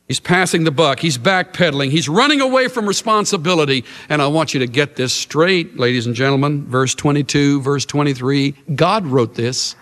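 A man preaching a sermon in a dramatic, emphatic way, slowing down and dropping his voice for emphasis. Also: a little high. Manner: dramatic and emphatic, with big swings in loudness and pace. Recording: long reverb of a large hall.

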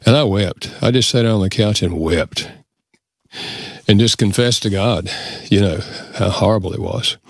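A man's voice: fairly low pitch, moderate pace, slightly rough, dry recording. A middle-aged man, a guest, earnestly telling a personal story and giving advice in a radio interview. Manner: earnest, reflective.

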